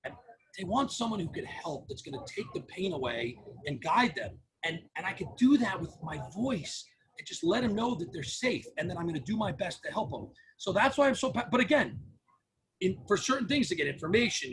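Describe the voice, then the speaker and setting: High-voiced energetic man. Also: slight background noise, rough recording. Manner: energetic, restarts often, acts out caller dialogue. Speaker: podcast guest, phone number company founder. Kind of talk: casual interview talk.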